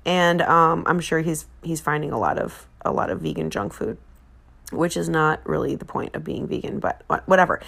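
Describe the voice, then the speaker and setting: A woman's voice: low-pitched, animated, normal speed, gravelly, fairly bright tone. A woman, chatting on her podcast in a rambling way, full of fillers and self-corrections. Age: 40s. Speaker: podcast host. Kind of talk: casual chat.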